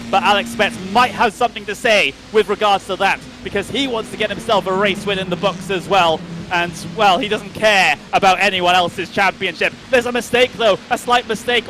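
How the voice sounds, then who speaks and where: Very high-voiced excited race commentator man. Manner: rapid excited play-by-play calling. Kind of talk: live esports race commentary. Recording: race car noise behind the voice.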